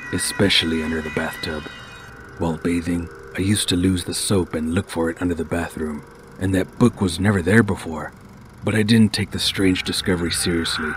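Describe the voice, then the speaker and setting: A man narrating a scripted first-person horror story in a steady, measured way. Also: deep voice. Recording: noisy home recording.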